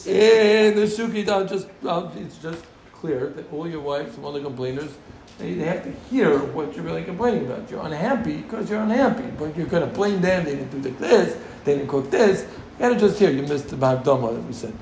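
A man with a high voice leads a relaxed Talmud class, going over each point twice and teasing his students along the way. The room around him is echoey. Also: a little fast, a little hiss or hum. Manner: repeats phrases, joking asides to students. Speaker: Talmud teacher. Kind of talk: casual Gemara class teaching.

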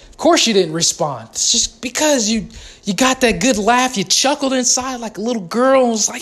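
On his vlog, a man gives a casual movie review, excitable and rambling as he hops between topics and corrects himself. His voice is very high-pitched, and he speaks at a moderate pace.

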